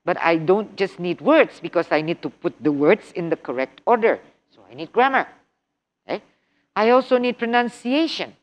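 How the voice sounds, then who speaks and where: Woman lecturing slowly on English skills. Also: mid-range voice. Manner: animated, repeats and stresses key points with rhetorical questions; acts out example phrases with exaggerated intonation. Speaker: English test-prep instructor. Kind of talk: workshop lecture.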